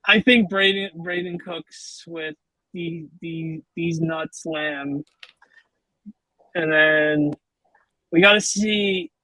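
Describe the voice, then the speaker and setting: A man co-hosting a podcast, joking and reacting quickly during casual football chat. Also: on the high side, fairly even intonation, pushed and bright, no room sound, rough recording. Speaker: podcast co-host.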